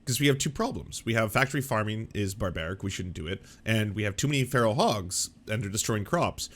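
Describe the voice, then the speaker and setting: A man's voice: fairly low pitch, animated, a little fast, a bit bright. A man hosting casual political reaction commentary, rambling and sarcastic with many fillers and restarts, from Canada.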